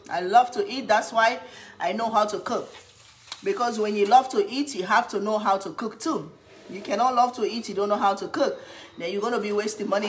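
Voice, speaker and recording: A woman chatting casually in an eating vlog, humming with pleasure between bites and cheering when something catches her eye, then giving a playful pitch for her own products. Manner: chatty, talks while eating, hums with pleasure, bursts into cheers. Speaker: cooking vlogger.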